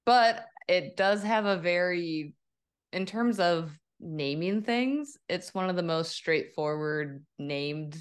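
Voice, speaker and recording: A woman's voice: lowish voice, expressive, slow, clear, resonant tone. A woman doctor co-hosting a casual podcast, explaining in a rambling way full of "like" and searching for words. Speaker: doctor co-host. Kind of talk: casual chat.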